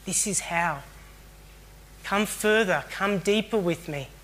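A man voicing Jesus as a gentle, reassuring speaker who chides tenderly and speaks at an unhurried pace. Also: high-pitched.

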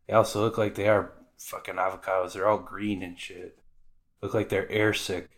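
A man's voice: fairly low pitch, a bit bright. A man hosting a podcast, casually recapping anime episodes with irreverent, profane asides. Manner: irreverent, swears freely, mock voices for characters.

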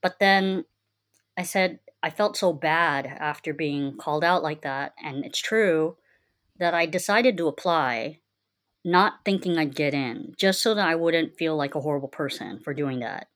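A woman's voice: low voice, unhurried, fairly bright tone. A young adult woman candidly telling her life story in a casual, rambling way, with many fillers and quotes of her own past words.

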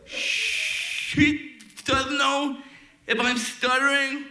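Stuttering high-voiced man hosting comedy. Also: steady tone, extremely slow. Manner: heavy stutter on b sounds; shouts to hype the crowd. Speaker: comedy show host. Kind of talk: stand-up comedy. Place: comedy venue.

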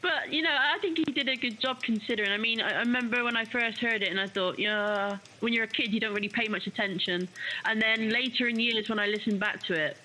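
A woman's voice: fairly high pitch, fast talker, slight background noise, rough recording. A woman co-hosting a casual talk show, chatty and fond of calling people darling. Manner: chatty and warm-hearted, says darling often. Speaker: co-host. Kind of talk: casual radio chat.

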